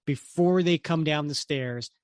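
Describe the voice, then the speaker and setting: Speaking at a measured pace with a smooth, fairly high voice, a middle-aged man co-hosts a podcast in animated, casual conversation. He laughs and sings fragments of songs now and then, and the recording is dry and studio quality.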